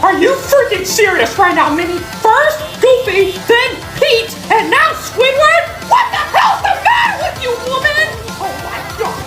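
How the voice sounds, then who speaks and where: A woman's voice: very high-pitched, lively intonation, normal speed, few pauses. A woman voicing a hot-tempered cartoon husband who scolds and rants. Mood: scolding. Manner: scolding, exasperated. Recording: echoey room, music behind.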